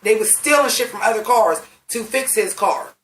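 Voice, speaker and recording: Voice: mid-range voice, normal speed, a bit bright. A blunt, profane movie reviewer in their late thirties, talking in a rambling, emphatic, casual way. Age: late 30s. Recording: roomy sound from a distant mic.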